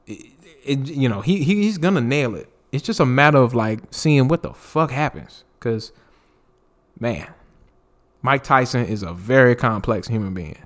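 Animated man doing a casual solo podcast. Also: medium pitch, moderate pace. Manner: animated, laughing, profane, mimics celebrities mid-story. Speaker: podcast host. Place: home recording space.

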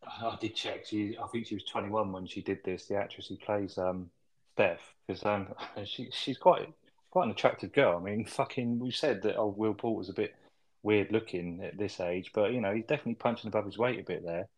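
Low-voiced man recapping a film. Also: fairly quick. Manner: rambling recaps with fillers and tag questions. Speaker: film review podcast co-host. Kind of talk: casual sweary film chat.

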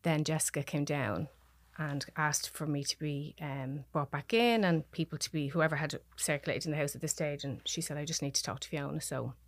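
A woman with a Dublin Irish accent, a podcast guest telling a personal story in halting, restarting sentences and voicing what others said. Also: low-pitched, no room sound. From Ireland. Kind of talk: personal story told in conversation.

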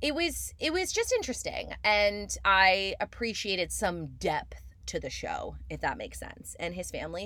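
A chatty woman hosts a casual recap podcast, talking fast and loose with plenty of "like" fillers. Her pitch swings widely and jumps high when she stresses a point. The sound is close and dry, with no room echo. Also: sing-song, pushed and bright. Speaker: podcast host.

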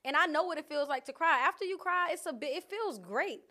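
A woman vlogger talking candidly and casually about her feelings, animated and laughing often. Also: high voice, fairly quick. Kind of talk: casual reflective chat. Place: outdoors in nature.

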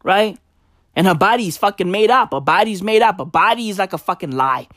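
A man's voice: high voice, lively intonation, fairly quick, a bit bright, no echo, clean studio sound. A man ranting to camera in a profane, emphatic way, with constant filler checks and a lot of repetition. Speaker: vlogger. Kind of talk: ranting commentary.

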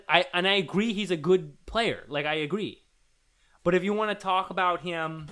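A man with a bright, forward voice that sits a little high talks casually as a podcast co-host. He thinks out loud, restarting sentences and padding them with ums and likes. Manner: rambling, thinks aloud with fillers and restarts. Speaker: podcast co-host reading listener emails. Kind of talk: casual chat.

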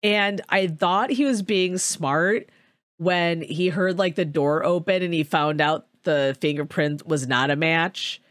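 A young woman tells a movie plot in loose, profane chat, lots of "like" between phrases. Her voice sits a little low and she takes her time. The sound is close and dry, with no room around it. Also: slow pace, no room sound. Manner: profane, filler-heavy storytelling with animated quoted voices. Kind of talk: casual movie recap chat.

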